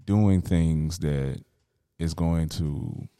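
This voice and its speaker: A man's voice: a bass voice, very slow, dark tone, no echo, studio quality. A man co-hosting a podcast from a home workshop, talking in a laid-back, slangy way and often adding "you know". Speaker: podcast co-host. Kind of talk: casual podcast chat.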